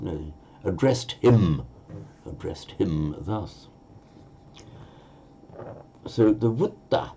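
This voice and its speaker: A very low-pitched man with a gravelly voice, teaching a language step by step and correcting himself as he thinks aloud. His tone is dark and mellow. The recording sounds a bit dull and lo-fi, with a faint hiss underneath. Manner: thinking aloud, self-correcting, with many fillers. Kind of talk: language lesson.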